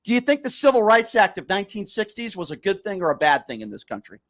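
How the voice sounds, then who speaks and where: A man's voice: sits high, big pitch swings, fast talker, a bit bright. A male radio host arguing with a caller on a call-in show, combative and sarcastic, often interrupting. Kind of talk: heated call-in radio debate.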